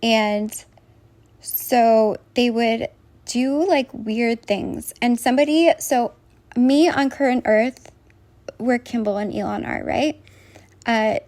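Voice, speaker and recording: A woman talks straight to her viewers in a loose, meandering vlog monologue, stacking fillers and restarting her sentences. Her voice sits a little high with a gravelly, fry-laced edge. The sound is close and dry. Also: a little mellow, no echo. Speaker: vlogger. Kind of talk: casual rambling monologue to viewers.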